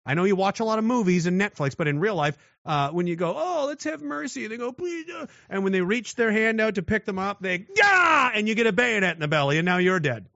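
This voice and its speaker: A man's voice: sits high, quick pace, hardly any pauses, a bit bright, dry recording, muffled recording. A man delivering a blunt, aggressive monologue rant, mocking those who show mercy.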